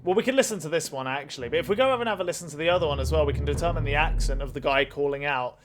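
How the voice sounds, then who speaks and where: A man's voice: fairly high pitch, racing, over music. A man commenting on a mystery game as he plays, thinking aloud and swearing freely. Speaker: let's play host. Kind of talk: gaming commentary.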